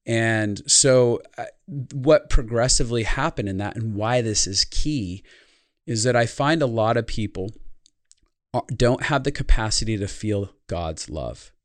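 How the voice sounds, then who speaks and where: A man's voice: medium pitch, measured pace, no room sound, studio quality. A man speaking as a guest on a podcast, telling a reflective personal story in an earnest tone. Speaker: podcast guest, life consultant. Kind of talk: podcast interview conversation.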